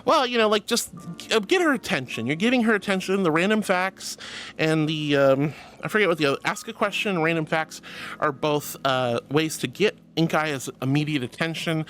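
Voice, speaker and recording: A man's voice: fairly high pitch, lively intonation, normal speed, a bit bright, a little hiss or hum. A man hosting a casual livestream and reading his chat aloud, chatty and apologetic, affectionately calling his viewers sweetie and honey. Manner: chatty and apologetic, self-described yapper.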